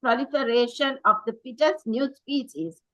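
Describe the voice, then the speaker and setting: A woman's voice: a little high, normal speed, bright, forceful tone, no room sound, poor audio. A woman preaching a sermon in an earnest, emphatic way, reading quotations aloud and correcting herself as she goes.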